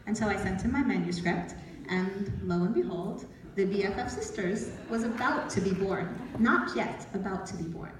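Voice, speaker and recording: Female author, 40s, animated storyteller, slightly high voice, echoey hall. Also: brisk, crowd noise. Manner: lively, acts out quoted voices, laughs often. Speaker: author giving a talk. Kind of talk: storytelling talk. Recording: echoey hall, speaker from far off.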